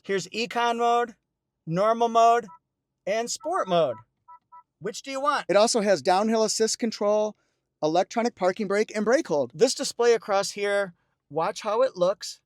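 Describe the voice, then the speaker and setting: A man's voice: sits high, animated, moderate pace, a little mellow, no echo, studio quality. A man doing an upbeat car walkaround review, pointing out features with playful asides and joking song quotes. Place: car dealership lot and car interior.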